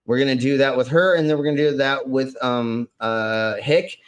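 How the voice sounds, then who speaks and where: A man's voice: medium pitch, steady tone, moderate pace. Joking, rambling male stream host. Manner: joking, rambling, stammering restarts. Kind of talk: casual drinking-stream chat.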